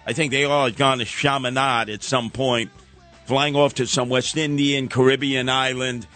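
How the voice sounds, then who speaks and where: A man's voice: medium pitch, flat delivery, normal speed, pushed and bright, faint music behind. A man hosting a talk radio show, ranting sarcastically with mocking sing-song asides.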